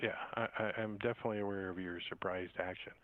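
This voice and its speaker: A man's voice: on the low side, steady tone, quick pace, no room sound. A man running a tabletop game as game master, narrating scenes in a rambling, laid-back way. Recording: tinny, dry phone-like line.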